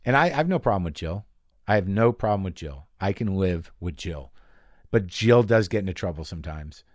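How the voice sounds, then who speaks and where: A man performing a stand-up comedy routine, talking with animated swings and profanity and acting out the voices of people in his stories. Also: low voice, brisk, dry recording, clean studio sound. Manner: animated, swearing, acts out voices in bits.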